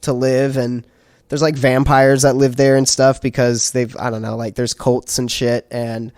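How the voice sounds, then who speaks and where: A man in his twenties co-hosting a casual chat, rambling through a story and trailing off quietly. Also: mid-range voice, level tone, moderate pace, smooth, no echo, studio quality. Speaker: podcast co-host.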